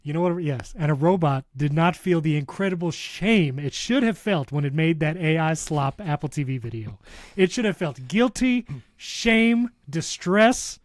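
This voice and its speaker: A man co-hosting a casual tech podcast, excitable and ranting, laughing often. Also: fairly high pitch, moderate pace, no room sound. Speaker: podcast co-host.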